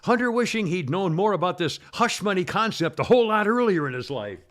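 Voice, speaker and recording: Guy hosting a chat show, kinda high voice, rambles and chuckles reading headlines. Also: sing-song, fairly quick, a bit bright. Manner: rambling, chuckling at his own material. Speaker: talk show host.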